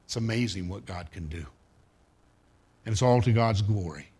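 A man's voice: on the low side, normal speed, darkish tone, slightly rough. A male pastor preaching a sermon, telling a personal story in a folksy way with humorous asides to his congregation.

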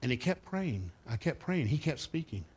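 A man's voice: mid-range voice, sing-song, moderate pace, noisy background. A male pastor preaching a sermon, telling a personal story in a folksy way with humorous asides to his congregation.

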